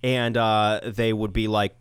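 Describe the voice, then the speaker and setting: A man's voice: fairly low pitch, flat delivery, measured pace, smooth, no echo, clean studio sound. A young man co-hosting a podcast, telling an exasperated story with lots of swearing. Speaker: podcast co-host. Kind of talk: casual storytelling chat.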